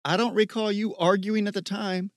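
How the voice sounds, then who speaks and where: A stubborn teenage boy in an audiobook, read by a man, easily exasperated and quick to get defensive. His voice is a touch higher than usual. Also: little pitch movement, dry recording, studio quality, natural voice.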